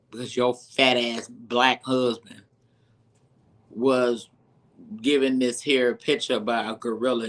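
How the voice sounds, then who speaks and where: A commentator ranting about a reality show, heated and sarcastic, dropping from low mutters to sudden high exclaims. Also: fairly bright tone. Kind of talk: profane commentary rant.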